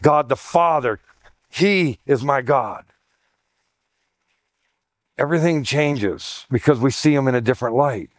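A man's voice: mid-range voice, a little slow, long pauses, no room sound, studio quality. A middle-aged male pastor giving a conversational sermon, emphatic, repeating his points and dropping folksy asides.

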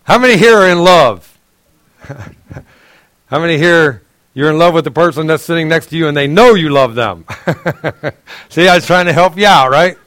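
A man, a pastor, giving a sermon in a casual, conversational storytelling way, often clearing his throat and laughing with the congregation. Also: fairly high pitch, lively intonation, moderate pace, pauses often, fairly bright tone, no echo.

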